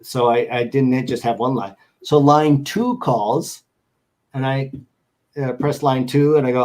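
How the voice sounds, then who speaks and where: A man's voice: medium pitch, fairly even intonation, unhurried, a little mellow. A man chatting as a guest on a show, rambling and joking as he tells stories over a video call. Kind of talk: casual chat.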